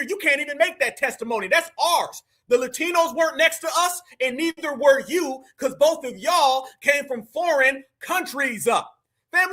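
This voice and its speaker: A man's voice: very high voice, sharp tone. A man hosting a live stream, reacting to clips with slangy, mocking commentary and talking straight to his chat. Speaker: livestream political commentator.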